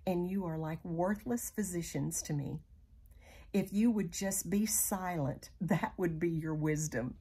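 A woman's voice: fairly low pitch, warm tone, breathy edge. A woman teaching a Bible study in a casual, hesitant way, with many fillers and restarts as she paraphrases scripture.

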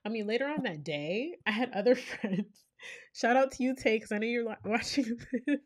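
Animated young woman podcast host. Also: fairly high pitch, moderate pace. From New York. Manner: animated storyteller, frequent "like" and "right?". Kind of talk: casual chat.

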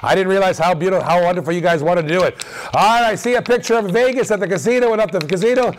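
A man hosting a live auction stream, calling out dice throws with energetic, repetitive hype patter. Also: high-pitched, very fast, a little hiss or hum.

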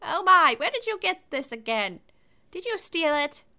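A woman voicing a kind, frail old grandmother in a game, with a soft motherly manner. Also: very high-pitched, big pitch swings, normal speed, voice pushed up, heavily acted. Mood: teasing. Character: kind frail old granny, gentle and doting. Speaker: game voice reader.

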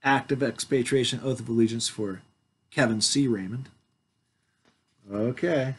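A man's voice: medium pitch, unhurried, slightly rough. A man in his forties reading legal documents aloud to viewers, calling out every comma and parenthesis, then breaking off to talk to his audience. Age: 40s. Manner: reads word by word, calling out punctuation, with asides to the audience.

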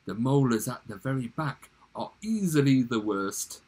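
A man voicing a cunning, grinning male crocodile in a read-aloud poem, speaking slowly and slyly in a husky voice. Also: medium pitch, big pitch swings, darkish tone.

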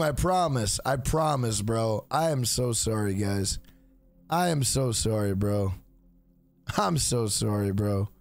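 A man streaming a game live, exhausted and mumbling, with lines that trail off low and get repeated over and over. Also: creaky, dry recording. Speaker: gaming streamer. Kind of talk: casual live-stream chat.

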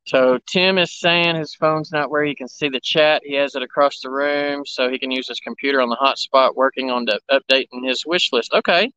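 A man's voice: mid-range voice, fairly even intonation, normal speed, few pauses, pushed and bright, clear, resonant tone, no echo, dull audio. A man live streaming from a cell phone beside railroad tracks, chatting casually and greeting viewers by name. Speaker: railfan livestreamer. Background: background noise, running engines.

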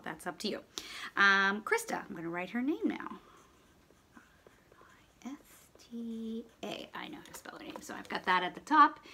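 A woman teacher at home giving a writing lesson to young children, slowly sounding out letters and sounds. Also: medium pitch, vocal fry, pushed and bright. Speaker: primary school teacher.

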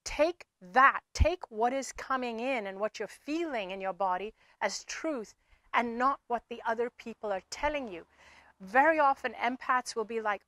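Earnest lady doing a motivational talk, kinda high voice, dry no-echo sound. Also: animated, normal speed, a bit bright. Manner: earnest, repeats herself with fillers. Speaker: spiritual speaker.

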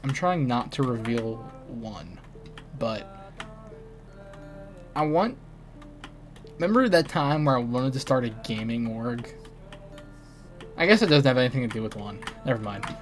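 Young american guy streaming a game, teasing chat, quiet music and typing in the background. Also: mid-range voice, lively intonation, a little slow, pauses often. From United States. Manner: teasing, banters with chat and friends. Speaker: gaming streamer. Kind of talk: casual live-stream chatter while playing. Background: faint music and keyboard typing.

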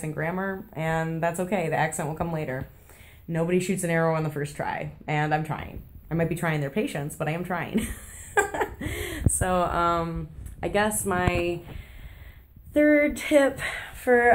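An American woman talking casually in a confessional travel vlog from her apartment kitchen, chatty and self-deprecating, with lots of fillers and restarts. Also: lowish voice. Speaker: travel vlogger.

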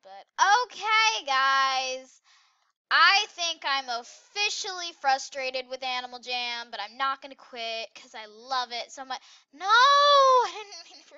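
A woman giving casual, excitable commentary while playing a game, jumping between squeals and hushed whispers. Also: high voice, no echo, muffled recording. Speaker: gameplay YouTuber.

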